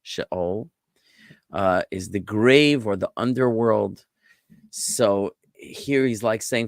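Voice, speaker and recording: A man, a rabbi, giving a relaxed online class on Biblical Hebrew, explaining words patiently and wandering off into asides. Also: fairly low pitch, takes it slowly, vocal fry, no room sound, clean studio sound. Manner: relaxed, explanatory, digressive with fillers.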